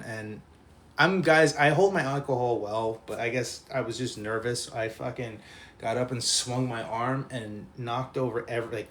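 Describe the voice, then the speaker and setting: A man's voice: medium pitch, fairly bright tone, slight background noise. A man telling a rowdy anecdote in casual talk, laughing often and swearing freely.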